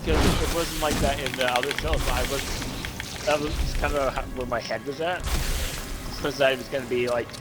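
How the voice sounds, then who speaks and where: Excitable, rambling man over loud music. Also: medium pitch, normal speed. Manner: rambling, excitable, swears freely. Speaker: gameplay commentator. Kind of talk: casual chat while playing a game.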